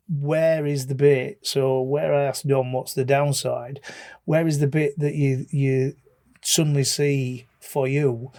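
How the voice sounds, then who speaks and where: A man's voice: mid-range voice, warm tone. A man hosting a casual podcast chat who asks questions and teases his guests with jokes. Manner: teasing, jokey questioner.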